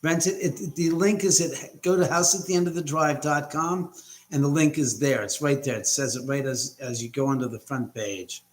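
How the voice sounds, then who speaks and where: A man's voice: a little high, moderate pace. Rambling man chatting live from home. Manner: rambling, greets viewers by name, restarts sentences. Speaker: livestream host. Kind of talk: casual live chat. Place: his house, indoors. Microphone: laptop mic.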